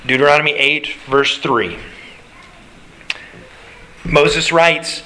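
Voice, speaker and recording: A man's voice: a little high, animated, unhurried, pushed and bright, low-quality recording. A man preaching a sermon. He asks his listeners questions, answers them himself, and guides them through the Bible passage.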